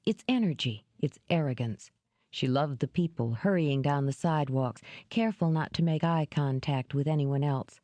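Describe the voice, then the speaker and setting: A woman reads a novel aloud in a low, mellow voice. Her pitch rises and falls widely as she tells the story. The recording is dry and close. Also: no echo. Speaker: audiobook narrator. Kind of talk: scripted narration.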